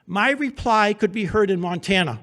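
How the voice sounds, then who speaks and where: A man's voice: high-pitched, moderate pace, fairly bright tone. A man telling a personal adventure story on stage at a live storytelling show, in a wry, humorous, vivid present-tense way. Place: theater stage before an audience.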